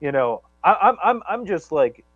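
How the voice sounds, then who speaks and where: A man's voice: high-pitched, very animated, moderate pace, dry recording, narrow, tinny audio. A man telling a long story on a live talk show, rambling and profane, with many restarts and stammers. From Chicago area. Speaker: guest storyteller.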